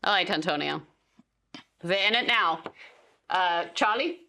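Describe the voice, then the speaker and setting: A woman's voice: lowish voice, animated, measured pace, bright, forceful tone. A woman playing a tabletop horror game, giggly and earnest. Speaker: player. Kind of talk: in-character tabletop play.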